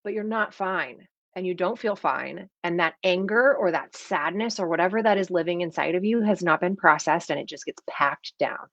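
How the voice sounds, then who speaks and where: A woman, a performance coach talking casually to an online audience in a chatty, animated way that slips into acted-out quoted voices. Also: fairly low pitch, moderate pace, dry recording. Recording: dry, slightly dull lo-fi sound.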